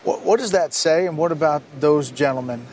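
Man, TV news anchor, measured, probing, slightly high voice. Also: darkish tone. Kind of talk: TV news interview. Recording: faint background noise.

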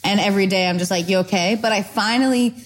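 A young woman, a singer and podcast guest, chatting and telling stories in a bubbly, excitable way. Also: mid-range voice, poor audio. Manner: bubbly, excitable, quick to laugh. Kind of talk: casual chat, storytelling.

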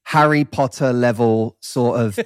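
A man's voice: mid-range voice, steady tone, unhurried, smooth. A man in his thirties with an East London accent, chatting casually as a podcast guest and laughing between lines. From England. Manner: playful, laughs while talking. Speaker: guest, dating coach.

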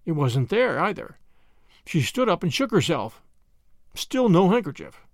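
A man reading a storybook aloud in an expressive, animated storytelling manner, close to the mic. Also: a little high, measured pace, gravelly, dry recording. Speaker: audiobook narrator. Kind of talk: scripted storybook narration.

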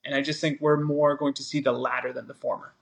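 Man, podcast co-host, earnest, reflective, long considered sentences, mid-pitched voice. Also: flat delivery, fast, vocal fry. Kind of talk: casual podcast discussion.

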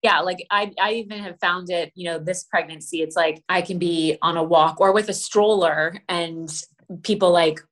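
Effusive pregnant woman, low voice. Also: fairly even intonation, moderate pace. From Los Angeles, USA. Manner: effusive, acts out quoted exchanges. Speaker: guest. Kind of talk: casual chat.

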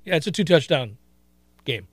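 A man hosting a sports betting radio talk show, emphatic and quick with asides. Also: a little high, sing-song, husky, dry recording, clean studio sound.

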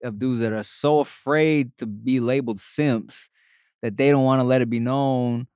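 A man's voice: medium pitch, steady tone, moderate pace, darkish tone, smooth, no room sound. Man, podcast host, casual chat, laid-back, mid-range voice, "you know what I'm saying", dry sound.

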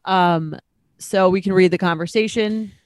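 A woman co-hosting a casual chat, talking quickly and loosely with many fillers, and reading a letter aloud. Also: fairly low pitch, darkish tone, no room sound. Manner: chatty, lots of "like" fillers. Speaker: podcast co-host.

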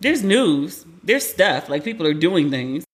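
A woman's voice: sits low, very animated, a little slow, husky. A woman in her forties hosting a casual pop-culture talk show, chatty and candid, swearing freely and acting out the people she quotes. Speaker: podcast host.

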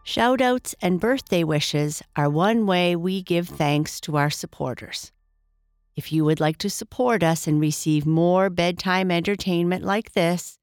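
A woman narrating a bedtime story in a slow, gentle, soft-spoken way. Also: on the low side, clear, resonant tone, no echo, clean studio sound.

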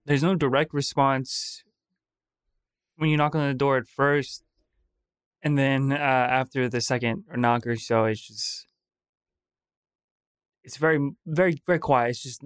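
A man's voice: mid-range voice, steady tone, clear, resonant tone, no room sound. Man narrating a tabletop game. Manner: slow, dramatic, pausing narration. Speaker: game master.

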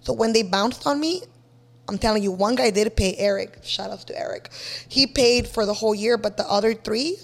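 A woman's voice: mid-range voice, moderate pace, creaky. Brash, cussing woman LA. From East Los Angeles. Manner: brash, profane, animated. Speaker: podcast guest telling her story. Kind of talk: casual storytelling chat.

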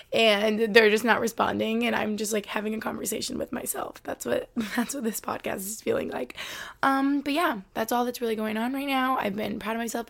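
Twenty-something woman rambling on her podcast from her bedroom floor, says "like" a lot, bit of fry. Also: on the high side. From Albany, New York. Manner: chatty, rambling, full of "like". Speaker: podcast host. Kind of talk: casual solo podcast chat.

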